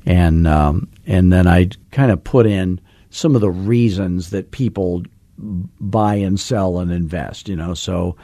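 Man, deep voice, warm mellow tone, dry close sound, podcast host, casual storytelling, plays out both sides of a phone call. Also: slow pace, no echo. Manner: anecdotal, jokey, acts out both sides of phone calls. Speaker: real estate coach and podcast host.

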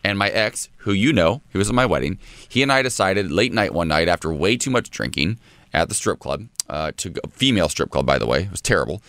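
Lower-voiced man hosting a radio show. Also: brisk, no room sound. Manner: animated, laughs often. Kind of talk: casual radio banter.

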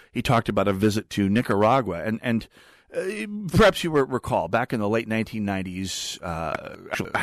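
A man hosts a political talk radio monologue with a sarcastic edge, his pitch swinging widely as he rambles and restarts. He speaks at a middle pitch into a studio microphone, and the sound is dry and close. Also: no room sound. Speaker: radio talk show host.

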